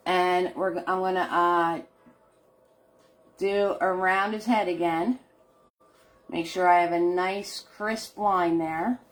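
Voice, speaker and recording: A woman's voice: fairly low pitch, steady tone, slow pace, long pauses, soft background music. A middle-aged woman hosting a live painting class, chatting casually, laughing often and greeting viewers by name.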